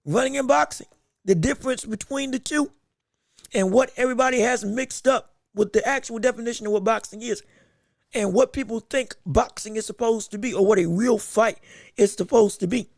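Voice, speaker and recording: A man hosting a livestream fight commentary podcast, excitable and emphatic, talking in casual slang and repeating himself for emphasis. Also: extremely high pitch, normal speed, creaky, dry recording, clean studio sound. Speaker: podcast host.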